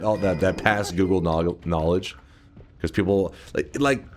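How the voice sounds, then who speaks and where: A man streaming, telling a rambling, profane story in casual chat. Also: deep voice. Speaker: gaming streamer.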